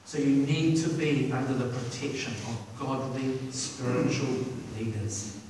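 A man's voice: mid-range voice, unhurried, darkish tone, slight background noise. A man preaching a sermon with enthusiasm, repeating words and restarting phrases often. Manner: enthusiastic, repetitive, lots of restarts and fillers. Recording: echoey hall from far off with faint ambience.

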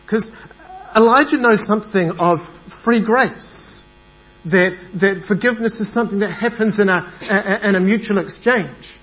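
A man preaching a Good Friday sermon in a church, pausing often with fillers and turning to questions. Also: high-pitched. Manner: hesitant, many fillers, grows animated. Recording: dull lo-fi recording with mains hum.

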